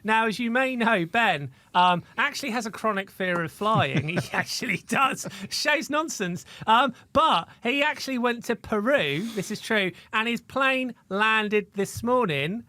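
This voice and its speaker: Australian man, podcast host, high bright voice, dry close sound. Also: measured pace, few pauses, no room sound. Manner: jokey, teasing, lively. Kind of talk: casual podcast chat.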